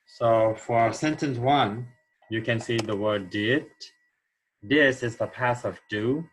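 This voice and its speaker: A man's voice: medium pitch, slow pace, a little hiss or hum, low-quality recording. A man teaching an English grammar lesson, explaining answers step by step and checking in with "okay?" as he goes.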